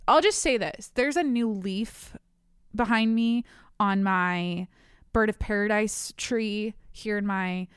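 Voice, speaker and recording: A woman's voice: fairly high pitch, clean tone, dry recording. A young adult woman hosting her own podcast from a home studio, chatting candidly and rambling, swearing freely. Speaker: podcast host. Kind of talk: casual solo podcast chat. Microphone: studio mic, on camera.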